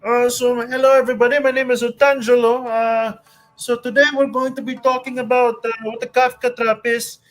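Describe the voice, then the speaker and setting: Man doing an accented explainer, high-pitched, formal, lecturing. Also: flat delivery, fairly quick, a bit bright, faint music behind. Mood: mock-formal. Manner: formal, explainer-style delivery. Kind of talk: mock explainer video.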